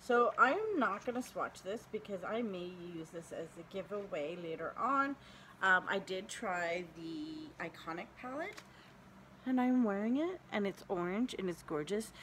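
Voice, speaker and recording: A woman's voice: medium pitch, very animated, normal speed, fairly bright tone, poor audio. A woman from Canada hosting a casual beauty unboxing vlog at home, chatty and enthusiastic. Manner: chatty, enthusiastic, talks baby-talk to her dogs. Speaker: beauty channel host. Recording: home video with clear background noise.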